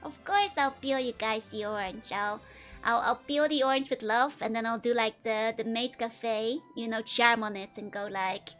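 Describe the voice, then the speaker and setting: A woman's voice: a little high, steady tone, normal speed, fairly bright tone, soft background music. A young woman from the Netherlands, chatting casually with viewers on a live stream, giggling constantly and teasing playfully. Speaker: VTuber streamer.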